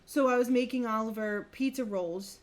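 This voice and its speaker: A young woman co-hosting a podcast, chatting casually and telling lively family stories. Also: fairly high pitch. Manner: animated storyteller, chatty and quick to laugh. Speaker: podcast co-host. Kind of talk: casual chat.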